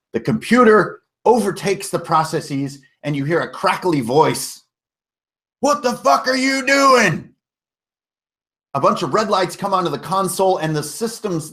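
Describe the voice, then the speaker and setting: A male game master recapping a tabletop adventure for his players, his voice sitting a bit on the high side. He tells the story casually, correcting himself mid-sentence and dropping in the odd swear word.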